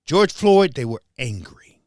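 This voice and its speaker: A man's voice: medium pitch, sing-song, a little slow, darkish tone, no room sound, clean studio sound. A man hosting his show, talking in a casual commentary monologue, emphatic and repeating phrases as he restarts them. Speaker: show host.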